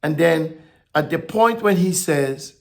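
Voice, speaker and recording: A man preaching a sermon, halting and repeating words, swinging from soft reflection to emphatic declarations. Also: fairly high pitch, animated.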